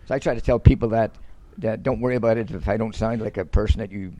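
An older Northern Irish man talking fast and joking around as a podcast guest. He rambles and trips over restarts, and his voice sits dry and close on the mic. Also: on the low side, steady tone, dark tone, dry recording. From Ireland. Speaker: podcast guest, host's father. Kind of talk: casual chat.

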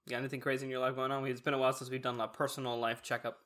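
Young man hosting a relaxed casual chat. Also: mid-range voice, rapid-fire. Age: young adult. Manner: relaxed, prompting questions, lays out his thoughts.

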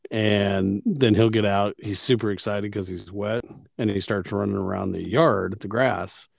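A man's voice: lowish voice, steady tone, unhurried, creaky, no room sound. Profane joking man on a podcast. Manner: joking, profane, acts out his dog and neighbors in funny voices. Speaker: podcast co-host. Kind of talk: casual chat.

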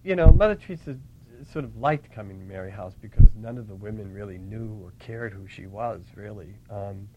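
A man's voice: lowish voice, fairly quick, hardly any pauses, very noisy. A man telling an anecdote in a casual, reminiscing way, acting out the voices in his story. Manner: lively storyteller who acts out quoted voices. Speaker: storyteller recalling the Catholic Worker.

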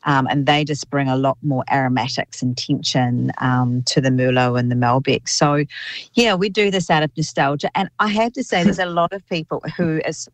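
A middle-aged woman, a winemaker talking casually in an interview, thoughtful with many pauses and restarts. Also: low-pitched, dry recording. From New Zealand. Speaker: winemaker guest. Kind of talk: casual radio interview by phone.

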